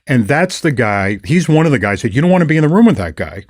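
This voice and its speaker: An older man hosting a podcast, chatting casually and retelling his encounters with lively storytelling. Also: mid-range voice, fast, dry recording, clean studio sound. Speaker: podcast host. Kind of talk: casual conversation.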